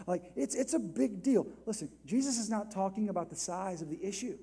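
A middle-aged man preaching a sermon, animated, acting out the voices he quotes. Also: sits high, a little fast, few pauses, breathy edge. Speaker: pastor.

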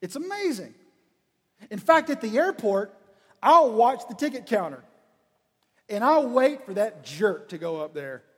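A man giving a humorous storytelling talk, animated and acting out bits of dialogue. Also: sits high, unhurried, long pauses. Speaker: speaker. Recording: reverberant hall.

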